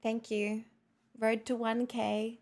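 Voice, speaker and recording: A woman's voice: fairly high pitch, little pitch movement, slow pace, a little mellow. A young woman live streamer chatting casually and rambling at her desk, self-mocking and swearing freely into a good studio mic.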